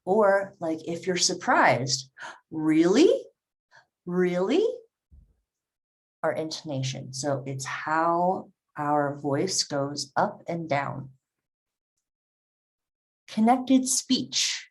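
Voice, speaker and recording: A woman's voice: deep voice, lively intonation, very slow. A woman teaching a live online English class, reading out learners' comments and encouraging them. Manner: encouraging, reads chat comments aloud.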